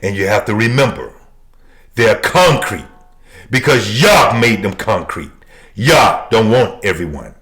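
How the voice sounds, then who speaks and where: A man preaching a sermon who repeats key phrases and swings between shouted declarations and quiet, low lines. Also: very animated, measured pace.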